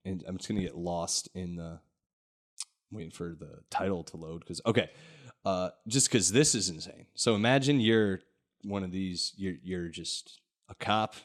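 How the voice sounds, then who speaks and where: A man hosting a casual comedy podcast, often laughing and joking. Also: sits low. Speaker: podcast host.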